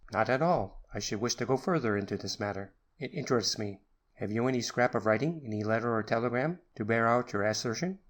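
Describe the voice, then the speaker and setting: A man voicing an irascible elderly professor in an audiobook, stiff, cold and suspicious. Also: lightly acted. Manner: stiff and haughty, rising to high screaming rage. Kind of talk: audiobook character reading.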